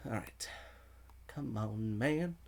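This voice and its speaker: A man's voice: lowish voice, slow pace, creaky, a little mellow. A man streaming a video game, chatting casually, reading viewer messages aloud and laughing often. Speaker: gaming streamer. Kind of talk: casual livestream commentary.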